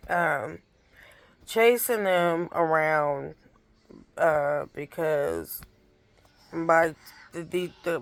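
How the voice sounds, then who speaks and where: Woman vlogger, casual home chat to a handheld phone; unhurried, rambling, with a dry, close sound. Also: fairly low pitch, creaky, no echo. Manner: rambling storytelling with many restarts. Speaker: aunt caring for young children. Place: at home with toddlers nearby.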